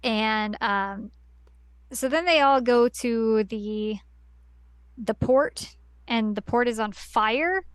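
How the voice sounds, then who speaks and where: Podcast lady, kinda high smooth voice, rambly recap full of ums, dry close sound. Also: no echo. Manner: rambling plot recap with many fillers. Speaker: podcast co-host. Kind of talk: casual chat.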